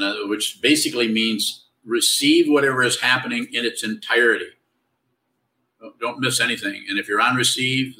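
Low-voiced man teaching from a distance. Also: slight background noise. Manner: relaxed, conversational, wry and teasing. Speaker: meditation teacher. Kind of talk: spiritual Q&A teaching.

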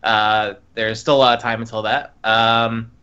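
Relaxed, hesitant man, bright voice. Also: medium pitch, unhurried, clear, resonant tone, lo-fi sound. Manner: relaxed, hesitant with many uh's. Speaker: podcast co-host, game reviewer. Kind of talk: casual gaming podcast chat.

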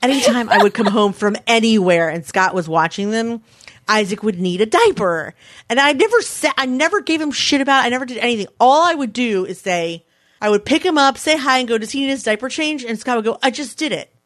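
A woman's voice: on the high side, expressive, a little fast, dry recording. A woman in her thirties co-hosting a podcast in casual chat, blunt and swearing freely as she acts out quoted arguments. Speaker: podcast co-host.

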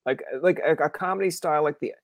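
A man's voice: a little high, fast talker, no room sound. A young man from Canada hosting a podcast in casual chat, rambling with many fillers, swear words and acted-out quotes. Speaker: podcast host.

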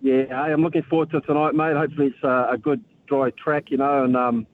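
A jovial, rambling man with a New Zealand accent comes through a tinny phone line. Faint hiss sits under his mid-pitched voice. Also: flat delivery, fast. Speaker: caller.

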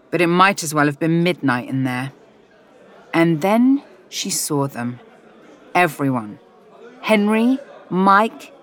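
An audiobook narrator reading a romance novel in an even, measured storytelling voice. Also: mid-range voice.

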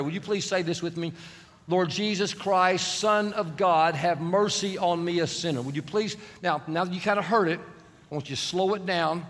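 A male pastor preaching a sermon in a relaxed, conversational way, leading the congregation in prayer. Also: a little high, big-room sound. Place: large church sanctuary.

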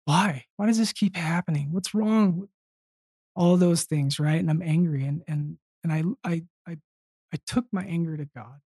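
A man telling a personal story in casual conversation, earnest and halting with frequent restarts. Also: fairly high pitch, a little mellow, husky, dry recording. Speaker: podcast guest.

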